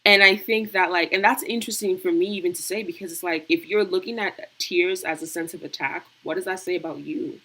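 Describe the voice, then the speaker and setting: A woman's voice: fairly low pitch, steady tone, brisk, few pauses, fairly bright tone, poor audio. A woman hosting a casual panel discussion over a video call, talking bluntly and emphatically with slang. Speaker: host.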